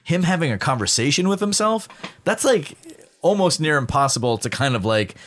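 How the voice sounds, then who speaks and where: A middle-aged male voice actor chatting casually on a podcast, animated and full of fillers. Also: on the high side. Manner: fast, animated storytelling with many fillers. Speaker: guest voice actor.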